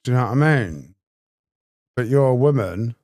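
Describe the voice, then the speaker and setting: A man's voice: medium pitch, animated, moderate pace, very noisy. A man trading brash, sweary, mocking insults during a livestream battle. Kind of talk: taunting livestream banter.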